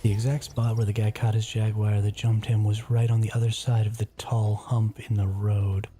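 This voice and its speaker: A man's voice: fairly low pitch, little pitch movement, moderate pace, dark tone. A man streaming a survival game live, chatting casually, reacting aloud and answering his viewers. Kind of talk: casual live gameplay commentary.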